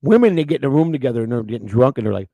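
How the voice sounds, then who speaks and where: A man's voice: mid-range voice, very animated, rapid-fire, mellow, dry recording, rough recording. A man hosting a live-stream morning show, rambling in unscripted chat, blunt and crude, restarting his words again and again.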